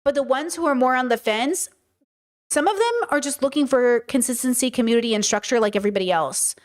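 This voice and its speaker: A young adult woman hosts a podcast in a high voice, delivering an animated, casual monologue. She swears freely and mimics people in quick asides.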